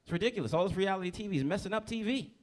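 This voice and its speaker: A man in his thirties from New Jersey, doing a stand-up set on a club stage through a handheld mic. His voice sits a bit high for a man, and he talks brashly, swears freely, and keeps working the crowd with questions. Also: lively intonation, racing. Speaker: stand-up comedian.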